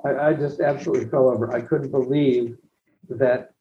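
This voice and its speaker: A guest puppeteer in a casual interview speaks a little fast in a steady, mid-range voice, telling stories with chuckles and trailing restarts. The audio is dull, and there's slight background noise.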